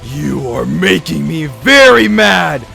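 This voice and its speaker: A man voicing an obsessive, lovesick young man who pleads melodramatically and flares into yelling. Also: mid-range voice, unhurried, creaky, faint music behind. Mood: furious.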